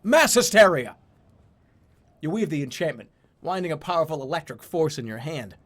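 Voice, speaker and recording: A man streaming a game, reading the game's text aloud and reacting excitedly, with swearing and mock boasting. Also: fairly high pitch, quick pace.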